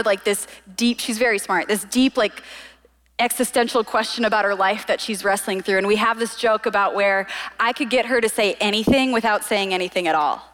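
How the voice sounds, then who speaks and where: A young woman giving a casual, conversational sermon full of quick asides. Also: medium pitch, fairly bright tone, long reverb tail. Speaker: preacher.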